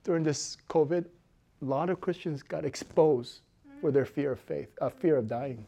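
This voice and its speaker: A middle-aged woman pastor preaching a sermon in an animated way, moving from loud exhortation to quiet intensity and laughing often. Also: low-pitched, moderate pace, gravelly, husky.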